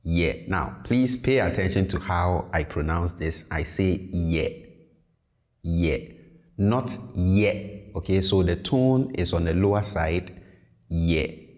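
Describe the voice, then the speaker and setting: Brief: male language tutor, deep voice, patient and repetitive, reverberant room. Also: lively intonation, a little slow, darkish tone. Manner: patient, repeats words, checks in with "okay" and "all right". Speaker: language teacher. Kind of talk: online language lesson.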